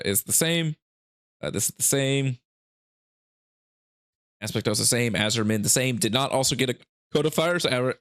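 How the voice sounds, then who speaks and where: A man talking casually through game rules for his channel, in a mid-pitched voice. He rambles with many restarts and small laughing asides. He has the hiccups. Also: vocal fry, fairly bright tone. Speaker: gaming channel host. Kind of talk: casual rules breakdown commentary.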